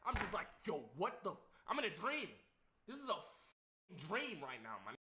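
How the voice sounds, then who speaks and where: A young man telling a chaotic personal story to viewers, swearing often and swinging between low recounting and laughing outbursts. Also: wildly swooping pitch, moderate pace, background noise. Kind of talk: animated storytelling with heavy swearing.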